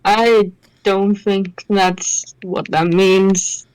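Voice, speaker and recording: A woman's voice: medium pitch, little pitch movement, very slow, a little mellow, clean tone, no echo, rough recording. A woman playing a tabletop game, talking in a dry, skeptical way. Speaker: player.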